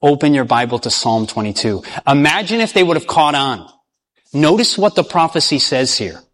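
High-voiced male preacher in a reverberant hall. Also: big pitch swings, fairly bright tone. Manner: asks the listeners questions and has them finish verses; drops low and slow when reading scripture aloud. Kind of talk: sermon.

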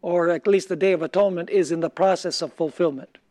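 A man preaching a sermon who asks his listeners questions and answers them himself, reading scripture slowly and deliberately. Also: high-pitched, fairly even intonation, dark tone.

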